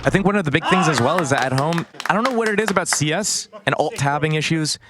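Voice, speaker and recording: A man rattling off esports tactics at speed, walking through each team's thinking. His voice sits a bit high for a man. Clear background noise runs under the commentary. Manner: rapid, spells out team thinking step by step. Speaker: esports analyst. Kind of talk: fast tactical analysis.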